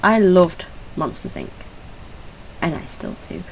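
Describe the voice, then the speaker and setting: A young British woman hosting a casual ranking video, talking in a scattered, swearing, laughing way and now and then breaking into squeaky voice stims. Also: wildly swooping pitch, slow pace, slight background noise, rough recording. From Britain. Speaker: video host. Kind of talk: casual solo ranking chat.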